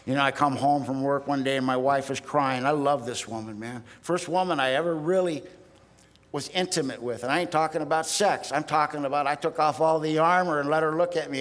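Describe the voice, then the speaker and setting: A man's voice: fairly high pitch, fairly bright tone. Older man in his sixties, streetwise storyteller, blunt and self-mocking, podium mic, long hall reverb. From Southern California. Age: 60s. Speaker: recovery meeting speaker. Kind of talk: sharing a personal story from a podium. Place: large hall.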